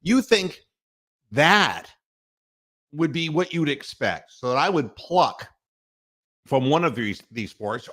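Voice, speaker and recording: A man's voice: on the high side, pushed and bright. A man hosting a podcast, ranting sarcastically and swearing freely. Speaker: podcast host. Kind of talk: profane rant.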